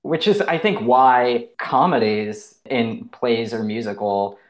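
A man's voice: medium pitch, slow. A man who acts on stage, talking casually as a podcast guest, laughing often and saying "like" a lot. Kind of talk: casual interview chat.

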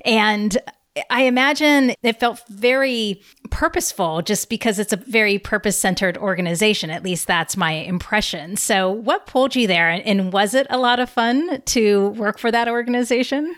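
A woman's voice: medium pitch, normal speed, a bit bright. Curious podcast host woman. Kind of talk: interview questions, casual chat.

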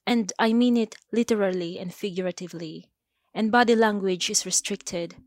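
A woman poet from the Philippines, reading her poems aloud and then answering interview questions in a slow, measured way. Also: medium pitch, no echo, studio quality. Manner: slow, measured, deliberate delivery.

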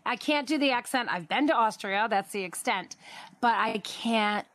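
A woman's voice: a little high, moderate pace, a bit bright. A woman co-hosting in casual chat, hesitant and teasing. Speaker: co-host.

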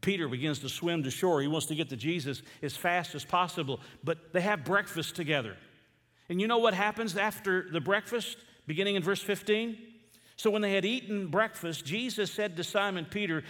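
Preacher, reverberant hall. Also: male voice, fairly quick. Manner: reads scripture and asks the listeners questions; swings from loud emphatic questions to low quiet reading. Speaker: pastor. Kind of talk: sermon. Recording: long reverb of a church hall.

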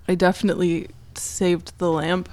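A woman's voice: on the low side, mellow, dry recording. Awkward, giggly woman player. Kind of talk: casual tabletop play.

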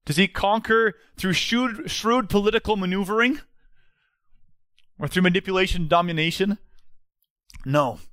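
A man's voice: sits high, moderate pace, pauses often, a bit bright, no echo. A man, preaching a sermon as pastor in an earnest, emphatic way.

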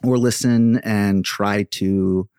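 A man's voice: on the low side, fairly even intonation, slow, darkish tone, clean tone, no room sound, clean studio sound. A man guest on a podcast, a yoga teacher telling candid personal stories and acting out the voices of people he quotes. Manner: chatty, acts out quoted voices.

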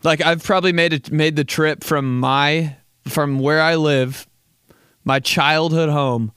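A man's voice: on the high side, fairly even intonation, takes it slowly, a bit bright, clean tone, no room sound, clean studio sound. A young man hosting a casual comedy podcast, rambling with frequent laughs, swearing and bursts of silly put-on voices. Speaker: podcast host.

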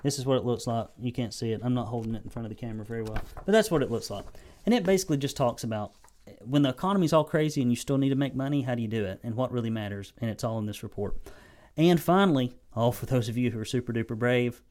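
A man's voice: medium pitch, quick pace, a little mellow. A man with a Southern US accent giving a blunt, folksy, sarcastic sales training talk to camera as a business coach.

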